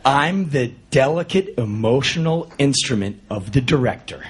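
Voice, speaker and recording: A man telling a comic spoken-word story in an animated, self-mocking, deadpan way. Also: medium pitch, moderate pace, husky.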